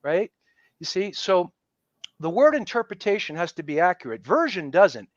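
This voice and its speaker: Man, podcast guest, high-pitched voice, emphatic and animated, dry lo-fi sound. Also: moderate pace, dry recording. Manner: emphatic, animated storyteller who acts out quoted people. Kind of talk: casual conversational interview.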